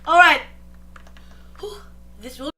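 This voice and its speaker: Very high, bright-voiced female race caller. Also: lively intonation, takes it slowly. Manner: swings from muttering asides to shouted play-by-play. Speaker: race commentator. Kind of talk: excitable sim-racing commentary.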